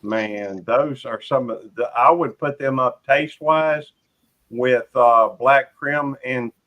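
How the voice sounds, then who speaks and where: A man's voice: mid-range voice, slow pace. Laid-back guy chatting on a live stream, muffled lo-fi audio. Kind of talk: casual live-stream chat. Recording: dull lo-fi sound.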